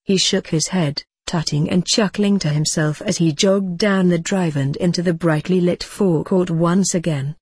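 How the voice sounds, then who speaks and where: A narrator reading a tense rural story in a steady, measured audiobook style, with a husky tone. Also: mid-range voice, dry recording, studio quality.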